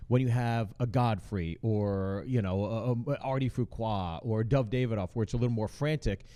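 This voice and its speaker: Mellow-voiced man explaining at length. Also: lowish voice, moderate pace. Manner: explains at length, earnest and analytical. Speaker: host. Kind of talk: casual chat breaking down stand-up. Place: comedy club.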